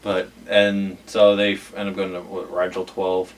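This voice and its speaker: A man with a fairly low voice recaps a TV episode in casual podcast chat. He rambles with lots of "like" and slips into quoting the characters. He sounds a little distant from the mic. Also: monotone, moderate pace. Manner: rambling, filler-heavy, acts out quotes. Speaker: podcast co-host. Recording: voice a bit off-mic.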